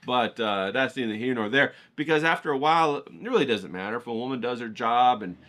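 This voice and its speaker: Speaking fairly quickly in a medium-pitched, animated voice with a touch of brightness, a man hosts an art livestream. His talk is a loose, digressive, homespun monologue dotted with "you know what I'm saying."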